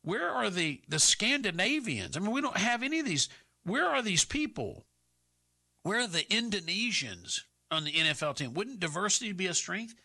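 A man's voice: sits high, big pitch swings, moderate pace, vocal fry, bright, forceful tone, husky. A middle-aged man hosting talk radio, firing off combative rhetorical questions in an opinionated monologue.

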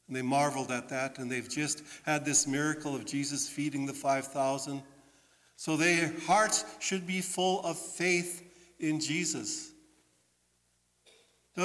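A man preaching as a pastor in a church, telling a story in an animated way and putting questions to his listeners. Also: fairly high pitch. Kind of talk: children's sermon storytelling. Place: church sanctuary. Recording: long church reverb.

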